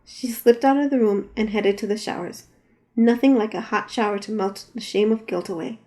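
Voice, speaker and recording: A woman reads her own novel aloud at an ordinary middle pitch. She narrates plainly and raises her voice sharply for the characters' quarrels. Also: moderate pace, dark tone. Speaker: author reading her own book. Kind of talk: audiobook narration.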